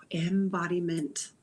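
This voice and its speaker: A woman hosting a spiritual livestream as an intuitive healer. She talks softly and meanders, repeating phrases meditatively, with frequent sighs and whispered phrases. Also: lowish voice.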